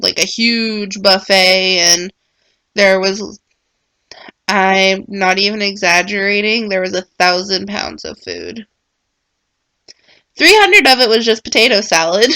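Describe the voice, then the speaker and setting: A woman's voice: medium pitch, vocal fry, bright, forceful tone, no room sound. A young woman talking casually in a personal vlog, rambling and full of filler words. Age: young adult. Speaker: vlogger.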